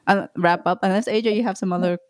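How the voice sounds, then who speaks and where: A woman co-hosting a podcast, asking questions in a relaxed, casual way. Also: mid-range voice, fast talker, no room sound, clean studio sound. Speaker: podcast co-host. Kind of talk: casual chat.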